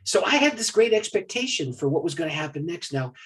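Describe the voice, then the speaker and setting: A man from Maine, a guest speaker on prayer, telling personal stories in a podcast interview. He tells them animatedly and drops to a hushed voice for solemn moments. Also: on the high side, big pitch swings, fast talker, breathy edge.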